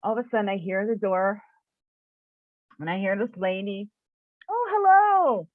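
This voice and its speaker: A chatty woman from eastern Canada recounts her own story, filling it with "like" and quick laughs. Her voice comes through a narrow, phone-like band in a dry, close space with no room sound. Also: mid-range voice, steady tone, no echo. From Canada, New Brunswick area. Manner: chatty, many "like" fillers, laughs often. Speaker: spiritual shop owner and teacher. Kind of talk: personal storytelling.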